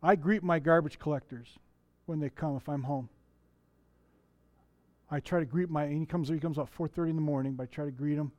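A man's voice: on the high side, steady tone, a little fast, a little mellow, no echo. A middle-aged man preaching a sermon as a pastor in a conversational way, asking the congregation questions and often restarting his sentences. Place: church.

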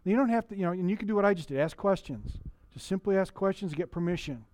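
In church, a middle-aged pastor preaches conversationally, quizzing the congregation and frequently restarting sentences. His high-pitched voice is fast and darkish in tone, with lively intonation.

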